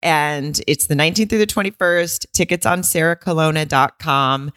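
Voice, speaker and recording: A woman comedian co-hosting a podcast in casual, teasing chat, quick to laugh. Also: deep voice, a bit bright, smooth, no room sound, studio quality.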